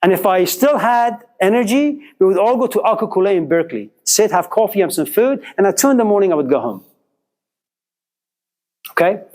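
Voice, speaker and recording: A middle-aged man lecturing a class, animated and questioning, telling stories to make his points. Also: sits high, fairly quick, low-quality recording. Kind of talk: classroom lecture with student exchanges.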